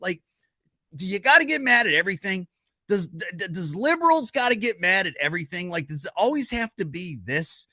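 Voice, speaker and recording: A man's voice: high voice, very animated, a little fast, bright, forceful tone, no room sound. A middle-aged man ranting in a casual vlog, rambling and blunt, with lots of profanity, restarts, stammers and rhetorical questions to the listener. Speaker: vlogger.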